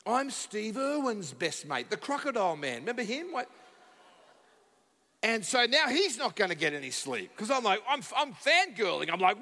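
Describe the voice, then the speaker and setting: Lively Australian preacher in an echoey hall. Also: male voice, sits high, moderate pace. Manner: animated, acts out dialogue, bursts into shouts. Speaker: guest preacher. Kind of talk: humorous sermon storytelling. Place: church sanctuary.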